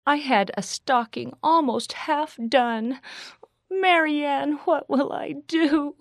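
A woman doing an upset pioneer girl, high and pleading. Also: takes it slowly, no room sound, studio quality. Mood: distressed. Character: anxious young pioneer girl, emotional.

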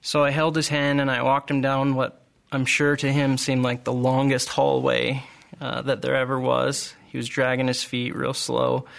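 A middle-aged man in a group shares his personal testimony in a gravelly, creaky, medium-pitched voice with a slightly bright edge. He speaks earnestly but haltingly, often pausing and starting his sentences over.

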